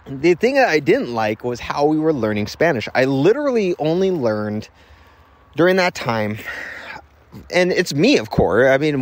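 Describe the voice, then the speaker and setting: Rambling man telling stories outdoors. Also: mid-range voice. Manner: rambling and self-deprecating, with frequent restarts and chuckles. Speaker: podcast host. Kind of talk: casual storytelling monologue. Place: outdoors near a road. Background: faint passing traffic.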